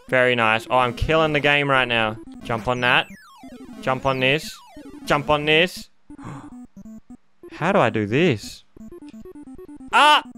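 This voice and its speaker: A man narrates his own video game play in a fast, excitable, jokey stream, often exclaiming to himself. His voice sits a little high and sounds bright and forceful on a close mic. Faint game music plays behind him. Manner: excitable, jokey, talking to himself while playing. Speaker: gaming YouTuber. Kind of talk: let's-play commentary.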